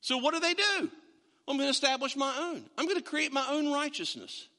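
A man preaching a sermon to a congregation, animated and acting out the imagined voices of other people as he talks. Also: very high-pitched, brisk, in a large hall. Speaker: pastor.

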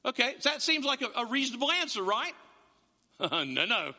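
A male pastor delivering a sermon in a church sanctuary, his voice high, bright and sharp. His pitch swoops animatedly as he restarts and rephrases, and his voice carries a long hall reverb. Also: moderate pace. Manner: animated, self-interrupting storyteller. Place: church sanctuary, also streamed online.

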